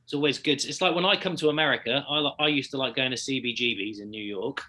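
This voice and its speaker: Easygoing musician guest with a London accent; a very bright voice at a middle pitch. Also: male voice, steady tone, quick pace. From United Kingdom. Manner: chatty, easygoing, laughs often. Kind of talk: casual interview chat.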